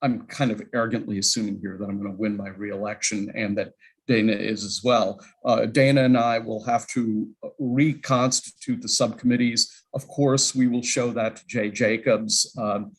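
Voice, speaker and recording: A man's voice: lowish voice, fairly even intonation, moderate pace, breathy edge, rough recording. A man chairing a legislative committee, giving rambling opening remarks and often correcting himself mid-sentence over a video call.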